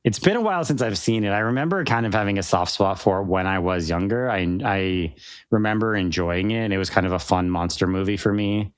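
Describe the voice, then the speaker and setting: A man co-hosts a podcast, chatting casually and with enthusiasm, rambling along with lots of restarts and fillers. His voice is lowish, brisk, clear and resonant, with no echo.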